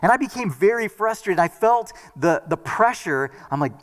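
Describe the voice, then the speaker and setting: Brief: earnest male preacher, lively pitch, fairly high voice, long hall reverb. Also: moderate pace. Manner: earnest, animated storytelling with restarts. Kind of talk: sermon with personal story.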